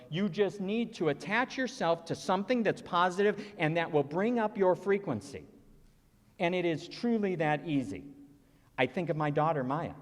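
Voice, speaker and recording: A man giving a conference presentation, earnest and conversational, telling personal stories with open emotion. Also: a little high. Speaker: conference speaker. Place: conference hall. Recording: long reverb of a large hall.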